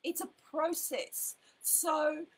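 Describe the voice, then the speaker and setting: A high-pitched woman talks straight to her listeners as a business mentor. She is chatty and emphatic, restarting sentences and dropping in fillers as she goes. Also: fairly even intonation, drawn-out words, poor audio. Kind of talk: direct-to-camera advice talk. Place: home office at a computer.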